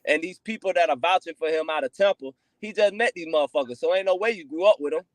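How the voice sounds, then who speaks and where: A man with a high voice speaking as a guest on a call. He talks bluntly and with lots of cursing, driving the same point home again and again. The sound is dry and close. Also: fast talker, dry recording. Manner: blunt, profane, emphatic, repeats points. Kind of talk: casual video-call chat.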